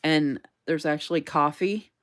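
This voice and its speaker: A woman's voice: low voice, measured pace, fairly bright tone. A woman hosting a casual live stream, gushing with enthusiasm over planner stickers and reading viewer comments aloud. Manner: gushing, enthusiastic, says "oh my gosh" often. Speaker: host of a live sticker showcase.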